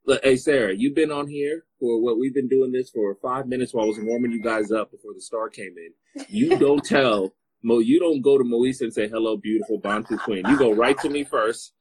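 A man's voice: medium pitch, moderate pace, darkish tone, breathy edge, poor audio. A man hosting a live stream in casual chat, playful and teasing, rambling with fillers.

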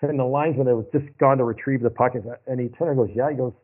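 A man's voice: medium pitch, fairly even intonation, fast, slightly rough. A man telling long, rambling hockey stories in a casual chat, repeating himself as he goes. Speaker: podcast guest. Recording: phone-like narrow sound.

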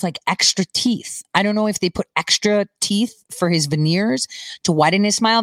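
A woman's voice: mid-range voice, fairly bright tone, no echo. A middle-aged woman hosting a podcast, giving rambling, chatty political commentary and laughing often. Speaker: podcast host.

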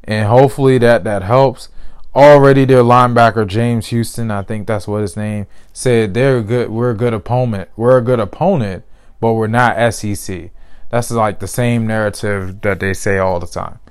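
A man's voice: lowish voice, fairly even intonation, normal speed, clear, resonant tone. A man hosting a casual solo podcast, laid-back, repeating his phrases and laughing easily. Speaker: podcast host. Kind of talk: casual solo sports and news chat.

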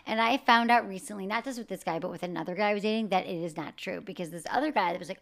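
Podcast host, woman, quick chatty delivery, storyteller who acts out what others said. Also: medium pitch, gravelly. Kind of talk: casual chat.

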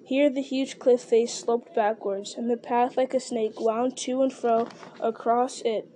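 A woman's voice: a little high, steady tone, unhurried, dark tone, slight background noise. A woman reading a story aloud, steadily, with the occasional restart. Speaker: reader.

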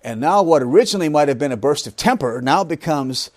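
A man's voice: fairly high pitch, lively intonation, quick pace, no room sound, clean studio sound. A man preaching a Bible lesson, emphatic, asking rhetorical questions and making joking asides. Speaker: pastor teaching a Bible study. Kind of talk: sermon.

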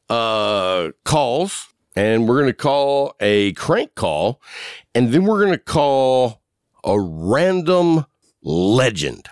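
A man's voice: mid-range voice, very animated, extremely slow, clear, resonant tone, no room sound, studio quality. A man with a Texas accent hosting a podcast, telling stories and joking in casual chat. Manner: joking, storytelling. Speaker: podcast host. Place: podcast studio.

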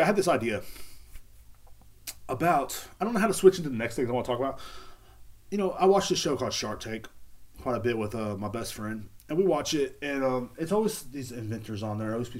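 A man's voice: mid-range voice, lively intonation, fast, a little mellow. Sarcastic man on a crude podcast rant. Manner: sarcastic, crude, rambling mock apology. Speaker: podcast host. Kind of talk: casual solo podcast monologue. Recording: music playing behind the voice.

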